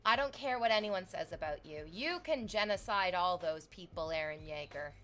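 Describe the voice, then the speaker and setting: A young adult woman with a lowish voice chats casually on a livestream at a normal pace. She swears freely and bursts into excited shrieks and laughter while reacting to her viewers.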